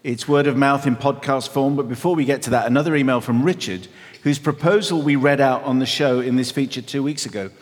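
A man's voice: medium pitch, brisk, hardly any pauses, in a large hall. A middle-aged man co-hosting a podcast, dry and teasing, reading listener emails in casual chat. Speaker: podcast co-host.

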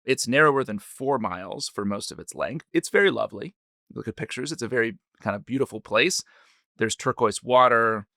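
Bright-toned, playful podcast co-host. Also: male voice, mid-range voice, fairly quick, gravelly, no echo, studio quality. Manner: playful, teasing, then explanatory storytelling. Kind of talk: casual chat.

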